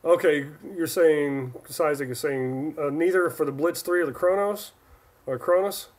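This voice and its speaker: In no rush, a Northern California man on a casual live stream works through viewer questions, reading each and answering it. His voice sits a touch high for a man, and his talk wanders, with sentences that fade out and get restarted.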